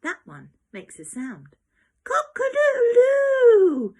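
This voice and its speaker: A woman's voice: high-pitched, wildly swooping pitch, measured pace. A woman teaching young children, talking in an exaggerated, encouraging, sing-song way and sometimes dropping to a whisper. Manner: drops into whispers at times.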